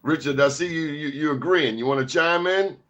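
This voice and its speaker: High-pitched emphatic male talk show host. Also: fairly quick. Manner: animated, preachy, emphatic asides.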